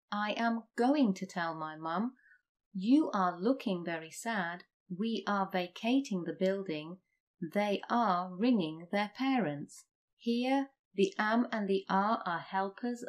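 Slow, deliberate woman teaching. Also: mid-range voice. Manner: reads example sentences slowly and deliberately. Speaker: English teacher. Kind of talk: slow scripted grammar lesson.

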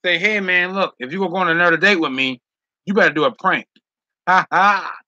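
Casual male streamer reading chat; teasing, laughs a lot; sharp tense tone on a dull lo-fi mic. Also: high voice, a little fast, dry recording. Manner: teasing, joking, laughs often.

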